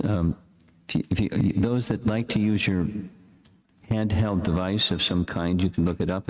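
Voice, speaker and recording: An older man leads a scripture class in an echoey hall, speaking slowly and casually with many restarts. His voice sits low, and he stops to chant verses for the audience to repeat. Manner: casual, halting lecture with restarts. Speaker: teacher of scripture. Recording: echoey lecture room.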